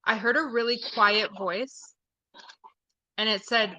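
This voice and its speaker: A woman's voice: fairly high pitch, steady tone, slow pace, pauses often, pushed and bright, dry recording, poor audio. A woman hosting a live-stream seance, hesitant at times and repeating aloud what she says she hears. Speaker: host leading a live seance.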